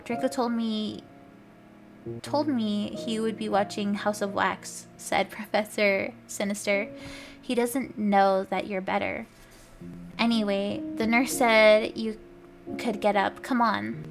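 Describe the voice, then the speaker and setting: A woman streamer reading a story aloud for laughs, shouting the quoted lines over the top and breaking off for wry asides. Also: mid-range voice, fairly even intonation, takes it slowly. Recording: clear background music under voice. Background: background music.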